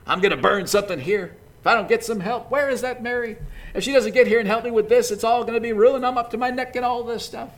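A man voicing a flustered woman cooking in a busy kitchen, complaining in a rushed, exasperated way. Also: very high voice, voice pushed up. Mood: frazzled.

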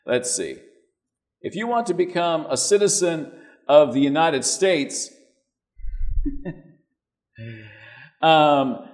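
A man's voice: sits high, darkish tone. A man giving a sermon, telling a story with folksy asides before drawing the lesson. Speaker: preacher.

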